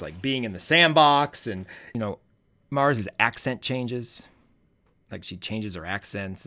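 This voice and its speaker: A man's voice: on the low side, a bit bright. A man co-hosting a podcast, chatting casually and rambling about college gymnastics. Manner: rambling, lots of fillers and restarts. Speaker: podcast co-host.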